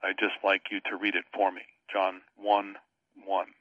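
A man's voice: low-pitched, monotone, normal speed, no room sound, phone-quality sound. An older man, a pastor, explaining a Bible verse as a radio guest in an earnest, teacherly way with many restarts.

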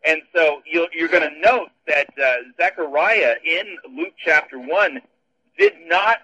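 A man's voice: fairly high pitch, a little slow, pushed and bright, husky, lo-fi sound. A man, a pastor, explaining scripture in a casual discussion with wry, dry humor.

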